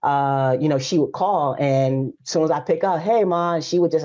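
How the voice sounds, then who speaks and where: A woman's voice: sits low, brisk, few pauses. A woman in her forties, a guest coach on a podcast, telling stories in a frank and emphatic way. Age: 40s. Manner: lively storytelling, frank and emphatic. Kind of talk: casual podcast conversation. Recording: slightly dull lo-fi audio.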